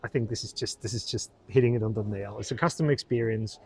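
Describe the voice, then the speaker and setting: A man's voice: lowish voice, fast talker, a little mellow, slightly rough. A middle-aged man co-hosting a casual industry discussion, speaking emphatically and often restarting his phrases. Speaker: co-host, hospitality industry expert.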